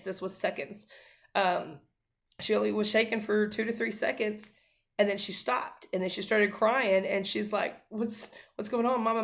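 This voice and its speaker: A woman's voice: on the low side, creaky. A woman in her thirties, a mother, earnestly telling a family story to camera, with many fillers and restarts.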